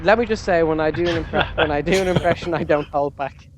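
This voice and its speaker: A man's voice: fairly high pitch, fast, noisy background. A man from Ireland hosting a gaming livestream, joking and rambling in casual chat. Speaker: streamer.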